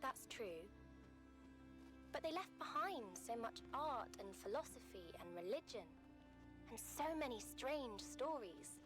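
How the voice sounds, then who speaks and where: A woman's voice: on the high side, sing-song, measured pace, over music. A woman voicing a curious young female android who speaks in a wondering, wistful way.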